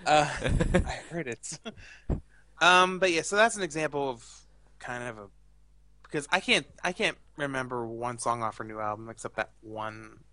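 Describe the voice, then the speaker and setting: A man's voice: mid-range voice, animated, normal speed, pushed and bright, dry recording. A young man co-hosting a casual chat, rambling and opinionated with lots of fillers. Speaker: podcast co-host.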